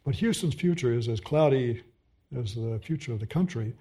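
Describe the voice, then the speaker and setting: A man's voice: medium pitch, expressive, moderate pace, warm tone. A man with a mild Austin, Texas accent, a professor putting questions in an onstage conversation and telling stories fluently with dry wit. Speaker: professor and interviewer.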